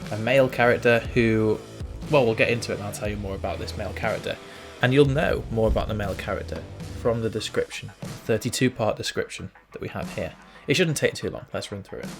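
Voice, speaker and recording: A young man hosting a casual writing tutorial, chatting and thinking aloud as he works through a form. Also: on the low side. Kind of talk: casual screen-recorded tutorial. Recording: faint background noise and typing clicks.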